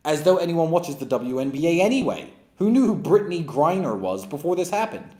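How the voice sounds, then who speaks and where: A man's voice: a little high, sing-song, a little fast, dark tone. A man in his thirties giving a blunt, scornful opinion monologue as a commentator. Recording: roomy echo.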